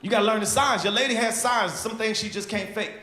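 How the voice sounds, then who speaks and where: High-pitched and fast-talking, this man in his thirties is a stand-up comedian working a comedy club stage with animated, profane storytelling. Loud crowd noise and echo fill the room.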